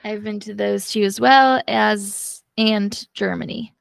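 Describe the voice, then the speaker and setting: A woman's voice: medium pitch, steady tone, takes it slowly, creaky, no room sound. A woman co-hosting a podcast in casual, jokey chat, dropping in foreign words. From United States. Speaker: podcast co-host.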